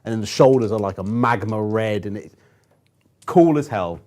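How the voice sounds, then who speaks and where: A man's voice: lowish voice, animated, moderate pace, darkish tone. A man co-hosting a gaming livestream, laid-back, swearing freely and filling with "like". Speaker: co-host reading stream chat. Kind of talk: casual livestream chat.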